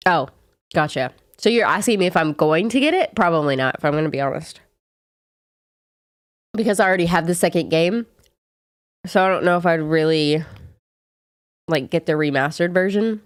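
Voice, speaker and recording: A woman's voice: fairly low pitch, animated, normal speed, long pauses, no echo, clean studio sound. A young woman with a Southern US accent, chatting casually with viewers on a live stream in a rambling way while sick. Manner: chatty, rambling with frequent "like" fillers. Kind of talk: casual chat answering viewers.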